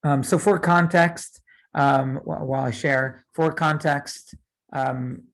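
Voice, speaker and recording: A man's voice: on the high side, steady tone, takes it slowly, vocal fry, fairly bright tone. Chatty man teaching with lots of fillers. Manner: chatty, many fillers and tag questions. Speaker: rabbi teaching a class. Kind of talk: casual lecture.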